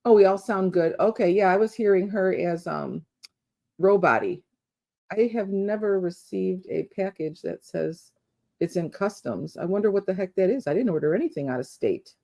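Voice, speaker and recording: A woman's voice: mid-range voice, expressive, moderate pace, vocal fry, warm tone. A woman co-hosting a casual crafting livestream over a video call. She is curious and asks a lot of questions. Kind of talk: casual chat.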